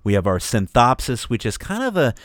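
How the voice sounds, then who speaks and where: A man co-hosting an internet radio show in casual, rambling chat, reading out shout-outs and chuckling often. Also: mid-range voice, huge pitch swings, fairly quick, no room sound, clean studio sound. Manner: laid-back, rambling, chuckles a lot.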